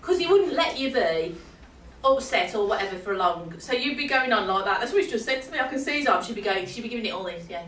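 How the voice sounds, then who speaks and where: A woman's voice: fairly high pitch, lively intonation, quick pace, fairly bright tone, a little hiss or hum. A woman giving a medium's reading to a live audience, chatty and laughing often, checking in with her listener as she goes. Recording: echoey hall from far off.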